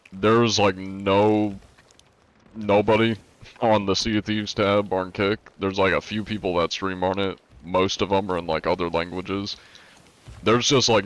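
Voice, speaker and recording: A young man from the United States chats casually with viewers on a live stream in a lowish voice with a fairly bright tone. He's laid-back and rambling, with lots of likes and ums.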